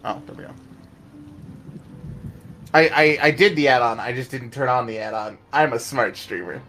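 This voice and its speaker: A man's voice: medium pitch, normal speed, a bit bright, faint music behind. A man live-streaming a game, chatting casually with his viewers and reacting to what happens.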